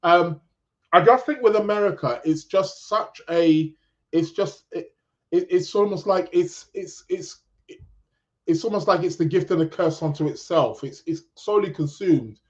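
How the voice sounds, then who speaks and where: A man's voice: sits high, moderate pace. A man from England with a British accent, hosting a podcast in a casual, rambling live chat full of restarts. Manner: rambling, many restarts, chatty. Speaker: podcast host. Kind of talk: casual live-stream chat reading comments. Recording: dull lo-fi sound.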